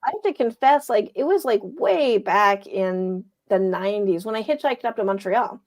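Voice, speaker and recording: A woman in her forties, a poet co-hosting a casual chat, talking in an animated, playful way. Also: medium pitch, normal speed. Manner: animated, playful, acts out voices. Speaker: poet and co-host. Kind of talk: casual chat and poetry reading.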